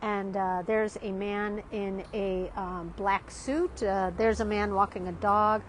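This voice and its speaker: A woman's voice: medium pitch, steady tone, slow, slight background noise, low-quality recording. A woman talking casually and rambling while she sits at an outdoor café, often tagging her sentences with "right?". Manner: chatty, rambling, often adds "right?", laughs a lot. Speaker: art teacher vlogging. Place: outdoor street café in a city. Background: street ambience.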